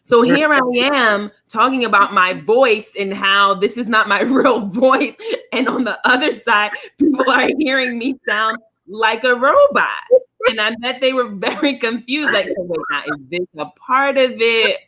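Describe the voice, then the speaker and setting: A woman co-hosting a casual podcast, telling stories in an animated, chuckling way over a home video call. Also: a little high, unhurried. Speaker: podcast co-host. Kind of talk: casual chat.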